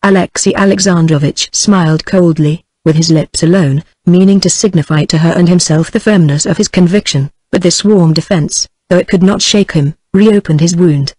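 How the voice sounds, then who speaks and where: A text-to-speech female voice with a British English accent, reading a novel aloud in an even, steady delivery. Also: lowish voice, normal speed, few pauses, dry recording, low-quality recording. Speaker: audiobook narrator. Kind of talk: synthetic audiobook narration.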